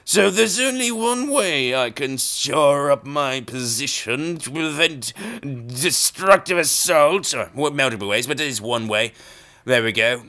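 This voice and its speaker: A young man giving rambling, self-mocking chess commentary, jokey and erratic, with sudden loud outbursts. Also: medium pitch.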